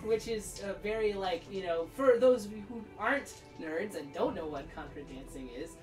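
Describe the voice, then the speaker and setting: A woman's voice: medium pitch, animated, normal speed, a little mellow, echoey room, distant mic, soft background music, poor audio. A woman narrating a tabletop game as game master, rambling with many fillers.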